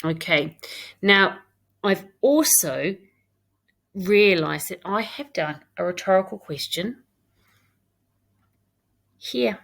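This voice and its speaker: A woman's voice: medium pitch, animated, takes it slowly, vocal fry, pauses often, fairly bright tone. British woman teaching a children's lesson. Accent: British English. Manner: reads her own writing aloud, then talks it through step by step. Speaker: primary school teacher. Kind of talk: recorded online English lesson.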